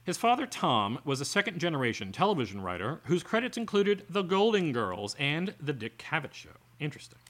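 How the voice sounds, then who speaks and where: A man's voice: fairly high pitch, big pitch swings, brisk, few pauses, a bit bright. A man co-hosting a podcast, reading an article aloud and breaking off into sarcastic, exasperated asides. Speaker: podcast co-host.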